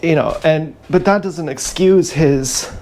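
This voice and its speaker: A man telling a meandering, profane story in a halting, casual livestream monologue, recorded on an action camera mic. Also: fairly high pitch, darkish tone, slight background noise.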